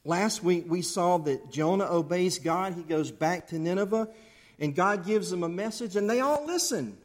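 A man preaching a sermon to his church, animated, acting out angry outbursts along the way. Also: high-pitched, moderate pace. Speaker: pastor. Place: church sanctuary.

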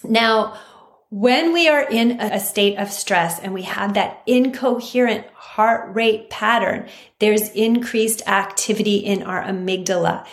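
A woman's voice: medium pitch, slow. A woman naturopathic doctor hosting a health podcast, talking earnestly and emphatically and repeating her key points. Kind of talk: scripted health talk. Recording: roomy echo.

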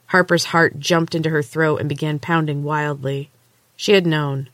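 A woman podcast host narrating a novel chapter aloud in a steady, measured way. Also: deep voice, no room sound. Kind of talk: storybook narration.

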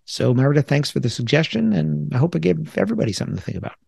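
A man's voice: a little high, very animated, rapid-fire, creaky, darkish tone. A middle-aged man from the New York area hosting a solo podcast, talking things through in a reflective, conversational way with self-deprecating asides. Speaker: podcast host.

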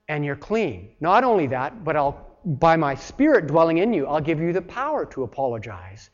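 A man's voice: sits high, sing-song, moderate pace, hardly any pauses. A man preaching a sermon in an earnest, plain-spoken way, talking straight to his listeners and acting out voices when he quotes someone. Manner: acts out voices when quoting. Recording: dull sound with long reverb.

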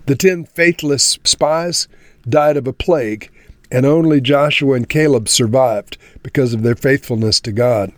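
A man's voice: medium pitch, a little slow, dry recording. A man giving an earnest devotional Bible teaching, speaking to his listeners as friends and closing in prayer.

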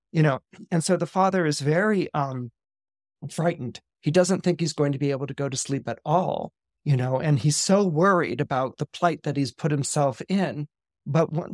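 A man's voice: fairly high pitch, dry recording, studio quality. A man, an astrologer, retelling a film's plot in casual storytelling with many fillers and restarts, acting out the characters' quotes.

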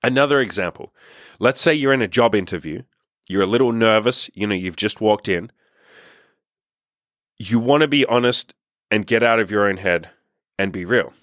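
A man's voice: on the low side, normal speed, pauses often, fairly bright tone, no echo. Blunt, emphatic young man on a dry mic. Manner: blunt, emphatic, casual swearing. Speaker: podcast host. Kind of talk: motivational monologue.

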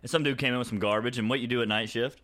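A man's voice: medium pitch, fairly even intonation, rapid-fire, a bit bright. A man on a podcast telling rambling, profane stories in casual chat, laughing often as he talks.

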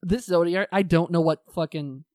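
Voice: medium pitch, moderate pace, darkish tone, dry recording, studio quality. A podcast co-host in casual chat, rambling and swearing offhandedly.

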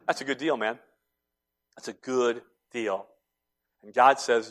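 A man preaching a sermon as pastor, building to loud impassioned cries and then dropping to soft, tender tones. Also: mid-range voice, steady tone, normal speed, pauses often.

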